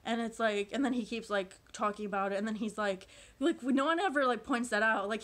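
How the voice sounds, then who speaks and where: A woman vlogger rambling through a comedic monologue, full of filler words and frequent laughs. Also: on the high side. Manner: meandering, constant filler "like", laughs often.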